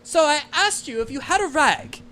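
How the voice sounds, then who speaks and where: A man voicing a prim, haughty mother in a tabletop game, flustered and fussy, raising his pitch. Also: expressive, moderate pace.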